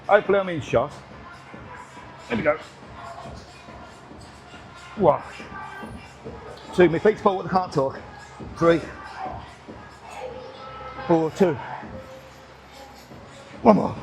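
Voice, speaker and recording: A man in his sixties chats his way through a gym session, swearing cheerfully and puffing between sets. His voice sits fairly high for a man. Music plays clearly in the background. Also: slow, long pauses. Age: 60s. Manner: joking, swearing, breathless from lifting. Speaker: gym vlogger. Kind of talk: casual workout commentary. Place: busy gym with music playing.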